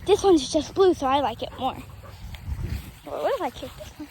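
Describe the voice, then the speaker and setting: A woman's voice: sits high, lively intonation, normal speed, darkish tone, a little hiss or hum. A young girl playing outdoors with her dog, coaxing and chatting to him in a playful sing-song voice. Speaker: dog owner. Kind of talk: casual vlog talk to a dog. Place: outdoors in a yard.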